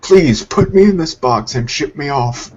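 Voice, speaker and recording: A man's voice: a little high, expressive, a little slow, darkish tone, muffled recording, a little hiss or hum. A man making dry, wry jokes while riffing on an old movie, with film music behind. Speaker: comedy film commentator.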